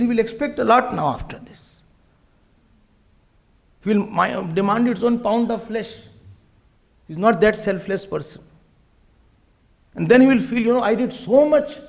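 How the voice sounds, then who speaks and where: A man's voice: high-pitched, moderate pace, vocal fry, pauses often. A man giving a humorous spiritual discourse as a swami, acting out family quarrels and slipping into Hindi. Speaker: swami giving a scripture talk.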